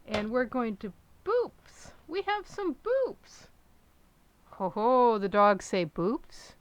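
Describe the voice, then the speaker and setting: A woman live streamer chatting casually to her dogs and viewers in a small room at home. She coaxes the dogs and drops to a soft hush when she praises them. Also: on the high side, very animated, takes it slowly. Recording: dull lo-fi stream audio.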